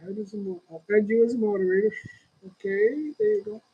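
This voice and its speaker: A man's voice: high-pitched, a little fast, slightly rough, phone-quality sound. A man in his sixties with a lingering cough, hosting a casual livestream and chatting in a rambling, opinionated way straight to his viewers. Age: 60s. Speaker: livestream host.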